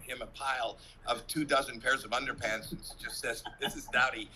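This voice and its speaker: A man on a video-call panel, telling a candid personal story in an animated way. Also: mid-range voice, fairly quick, crowd noise, rough recording. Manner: animated storyteller, acts out swearing quotes. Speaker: comedian panelist.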